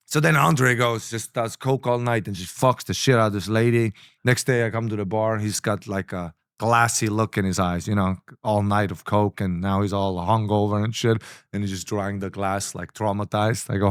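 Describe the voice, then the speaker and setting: A man's voice: on the low side, fairly even intonation, fairly quick, smooth, no room sound, studio quality. Foul-mouthed man telling rambling stories. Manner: crude, rambling storytelling. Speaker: podcast host. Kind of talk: casual chat.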